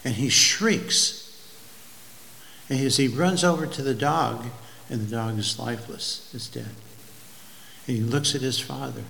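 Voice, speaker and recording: A man preaching a sermon, telling an illustration slowly and deliberately, with pauses and restarts. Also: medium pitch, vocal fry, sharp tone. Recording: long hall reverb, faint ambient noise.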